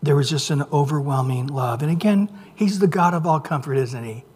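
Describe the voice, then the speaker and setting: A man preaching a sermon, dropping to near whispers and rising to loud emphasis, drawing out scripture slowly. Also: on the high side, breathy edge. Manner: reads scripture aloud with slow, drawn-out phrases. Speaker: pastor. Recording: long reverb of a large hall.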